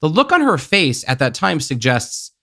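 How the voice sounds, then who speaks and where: A man talking as a podcast guest in casual film chat, animated, swearing freely and leaning on "like" as filler. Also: on the high side, normal speed. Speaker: podcast guest, TV and game producer.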